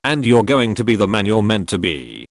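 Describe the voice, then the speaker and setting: Man reading as a wise gentle queen mother, measured, low voice, lively intonation. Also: no room sound, studio quality.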